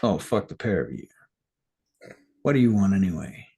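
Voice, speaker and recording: A man's voice: deep voice, expressive, moderate pace, mellow, heavily acted. A man voicing a brash, foul-mouthed male vampire thug who swears constantly. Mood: irritated. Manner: swearing, aggressive, gruff.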